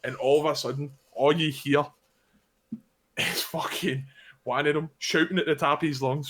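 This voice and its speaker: Scottish lad spinning a party story on a podcast, a touch higher-pitched than most guys, swearing a lot and cracking himself up. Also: male voice, measured pace, husky. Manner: sweary, animated anecdote telling with laughs. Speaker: podcast co-host. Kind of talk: casual storytelling chat.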